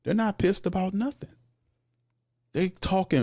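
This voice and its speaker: A man's voice: mid-range voice, big pitch swings, unhurried, no room sound, studio quality. Fired-up man ranting about sports. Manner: heated, repetitive, rising into exasperated outbursts. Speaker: sports show host. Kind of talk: opinionated sports commentary.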